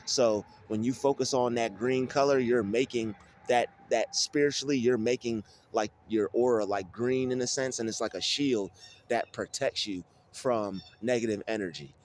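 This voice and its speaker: A man's voice: mid-range voice, normal speed, slight background noise. A man giving an informal spiritual teaching about Bible verses, talking casually with many restarts and repeated phrases. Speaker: spiritual video creator.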